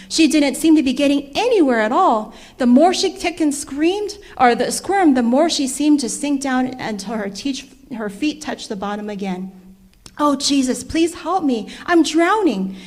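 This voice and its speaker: A woman reading a children's story aloud for a church service, lively and expressive, speaking directly to the children. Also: high-pitched.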